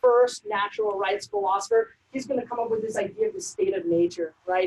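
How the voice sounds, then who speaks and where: A woman presenting a civics workshop, lecturing in a brisk, conversational way with frequent ums and uhs. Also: mid-range voice, very animated, darkish tone, low-quality recording. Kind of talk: informal lecture.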